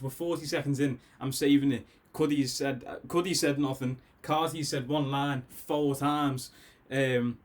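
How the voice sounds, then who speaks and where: A man with a Scouse accent hosting a casual album reaction from his bedroom, rambling, excitable and a bit tipsy, laughing often. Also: a little high. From Liverpool, England. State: tipsy after drinks. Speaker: music reaction host. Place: bedroom at home.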